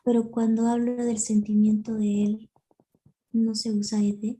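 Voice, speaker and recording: Soft-spoken woman student, dark voice. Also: fairly high pitch, completely flat delivery, normal speed. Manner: soft, brief replies. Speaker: English student. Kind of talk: casual one-on-one lesson.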